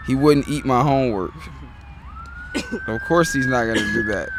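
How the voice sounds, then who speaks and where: A man from Detroit, a street performer, reading one-liners slowly and deliberately outdoors on a city street. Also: medium pitch, huge pitch swings, noisy background. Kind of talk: casual joke reading.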